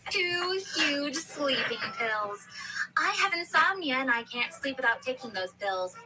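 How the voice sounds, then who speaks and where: A woman voicing a greedy, cruel middle-aged aunt who gloats slowly. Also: sits high, lively intonation. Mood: gloating. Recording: noisy background hiss.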